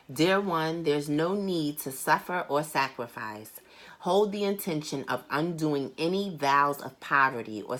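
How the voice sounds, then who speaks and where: Deep-voiced woman giving a tarot reading. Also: pushed and bright, slight background noise. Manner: earnest and blunt, swears casually, repeats phrases for emphasis; reads card text aloud slowly. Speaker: tarot reader. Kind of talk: recorded private tarot reading.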